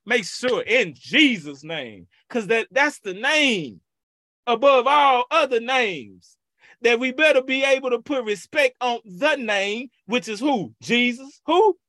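Fervent preaching man, bright and dry. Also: extremely high pitch, lively intonation, slow, no room sound. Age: 30s. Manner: fervent, chanting call-and-response; reflective and personal, with soft laughs. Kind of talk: devotional preaching.

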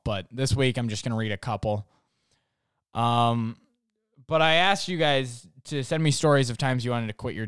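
A man's voice: fairly low pitch, smooth, no room sound, clean studio sound. A young man from North Dakota hosting a casual comedic monologue, rambling with lots of "like" fillers and acting out quotes. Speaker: podcast host.

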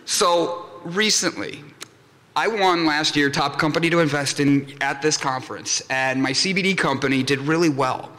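Bright-voiced jokey man in a conference hall. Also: fairly high pitch, normal speed. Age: young adult. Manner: jokey storyteller, acts out voices in anecdotes. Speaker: conference speaker. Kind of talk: comedic keynote talk to a live audience. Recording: long hall reverb from a conference room.

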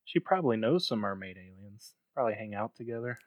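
A man's voice: lowish voice, expressive, quick pace, no echo. Man co-host, goofy, acts out bits, dry close mic. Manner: jokey, acts out little bits and voices. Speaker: podcast co-host. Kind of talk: casual podcast chat.

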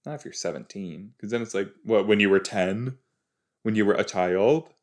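This podcast host reacts casually to a TV episode in a fairly low voice at a moderate pace. He's chatty and rambling, frequently cutting himself off with exclamations.

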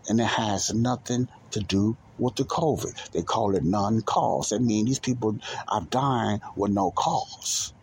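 Deep-voiced angry man ranting solo. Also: a little slow, vocal fry, few pauses, darkish tone, slight background noise. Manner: preachy, repetitive, rising to emphatic outbursts. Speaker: podcast host.

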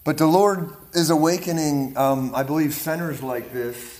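A guest preacher from the Pittsburgh area of Pennsylvania, with a Pittsburgh accent and a fairly high voice, preaches charismatically to a leadership group at normal speed. He's energetic, repeats words, and checks in with "right?" and "amen?" The room is echoey, and the audience answers back.

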